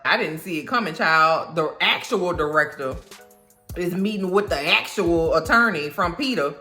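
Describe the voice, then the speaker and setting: Reaction-vlog host, woman, emphatic and animated, bright voice, faint music underneath. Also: medium pitch. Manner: animated, emphatic ranting with slang. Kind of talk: casual reaction commentary.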